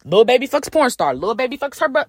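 A woman hosting a podcast, ranting in blunt, profane, animated commentary. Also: on the high side, fast talker, slightly rough, dry recording, clean studio sound. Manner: blunt, profane, animated, mocking quoted voices. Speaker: podcast host. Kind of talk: casual commentary rant.

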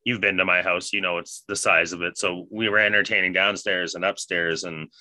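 A man casually telling a profane, animated party story with bursts of laughter. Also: low voice, brisk, dry recording.

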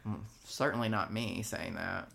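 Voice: low-pitched, normal speed, gravelly, a bit bright. A co-host in casual podcast chat, teasing and playfully indignant.

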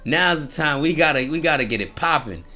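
A man voicing an excitable old male mandrill sage who talks in loud, slangy disbelief. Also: on the high side, a little fast, faint music behind. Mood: overjoyed. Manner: slangy, incredulous, shouting with joy.

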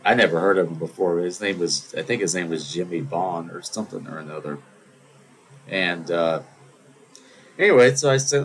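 A man with a low voice tells a story in a loose, rambling podcast monologue. He drifts between topics and adds wry asides as he goes. A faint noise sits under his voice. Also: lively intonation, moderate pace, rough recording. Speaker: podcast host.

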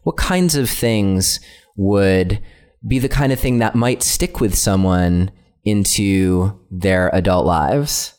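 A male host with a low voice asks his questions slowly and with care. He leaves room between his words and answers with short prompts. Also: a little mellow, clean tone. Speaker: podcast host. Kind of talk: interview questions.

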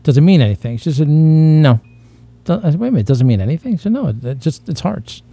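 Guy cohosting a podcast, dark mellow voice, bragging and rambling, crude jokes. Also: a little high, very animated, fast, gravelly, breathy edge, dry recording. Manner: boastful, rambling, self-mocking with frequent laughs. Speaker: podcast co-host. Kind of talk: casual crude comedic banter.

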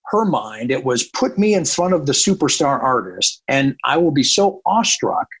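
Man, husky voice, somewhat high, animated storyteller, radio programmer. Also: poor audio. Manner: animated, quotes people in dialogue. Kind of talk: casual anecdotal storytelling.

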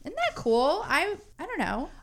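A woman co-hosting a casual podcast, recapping a film's plot at length with frequent pauses and self-corrections. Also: extremely high pitch, huge pitch swings, vocal fry, a bit bright, a little hiss or hum. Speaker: podcast co-host.

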